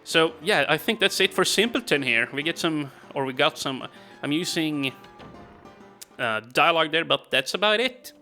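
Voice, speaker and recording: A man's voice: fairly high pitch, lively intonation, normal speed, pushed and bright, soft background music. A man casually commenting on a game he plays, chatty and rambling, with frequent laughs and fillers. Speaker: let's play commentator.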